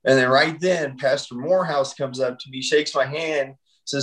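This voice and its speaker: A man's voice: mid-range voice, steady tone, moderate pace, fairly bright tone, poor audio. A man in his thirties, a podcast guest telling his personal story in a loose, rambling way full of fillers. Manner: rambling storytelling with many fillers like "you know" and "like". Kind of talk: personal testimony in casual conversation.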